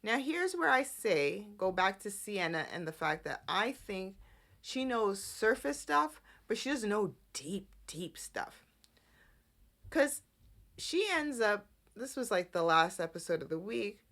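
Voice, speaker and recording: A woman's voice: mid-range voice, big pitch swings, measured pace, fairly bright tone. A woman hosting a podcast, chatting casually through a soap opera recap and acting out the characters' lines. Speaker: podcast host.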